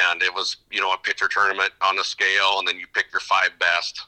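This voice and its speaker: A man's voice: low-pitched, flat delivery, a little fast, hardly any pauses, sharp tone, low-quality recording. A middle-aged man, a fishing guide, telling stories in casual interview chat, rambling with many restarts. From upper Midwest of the United States. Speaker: fishing guide and podcast guest.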